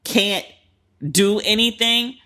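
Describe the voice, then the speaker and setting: A woman in her thirties hosts a pop-culture podcast. Her voice is bright and forward at an ordinary middle pitch. She talks candidly and profanely, fills her sentences with "like", and often retells what others said in quick quoted asides. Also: steady tone. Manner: candid and profane, heavy use of "like". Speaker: podcast host. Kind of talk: casual pop-culture commentary.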